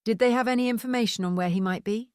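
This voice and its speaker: A woman's voice: on the high side, fast, clear, resonant tone, dry recording, studio quality, pitched above the performer's own voice, lightly acted. A woman voicing a stern middle-aged man, a former police detective, who speaks firmly and in clipped sentences. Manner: firm and clipped.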